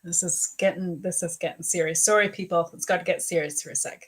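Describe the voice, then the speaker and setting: A woman's voice: on the low side, fairly even intonation, a little fast, breathy edge, poor audio. A woman psychic medium giving chatty live readings to viewers, teary and emotional at times. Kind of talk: casual live-stream reading.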